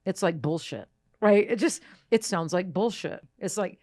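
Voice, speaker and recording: A woman's voice: mid-range voice, normal speed, a little mellow, dry recording, studio quality. A woman hosting a podcast, talking in a chatty, enthusiastic way with many fillers and restarts. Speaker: podcast host. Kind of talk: casual podcast chat. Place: recording studio.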